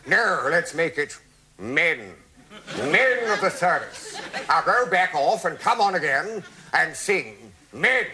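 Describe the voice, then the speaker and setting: A man doing the voice of a fussy, prissy male show producer, shrill and theatrically appalled. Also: very animated, slow pace, crowd noise.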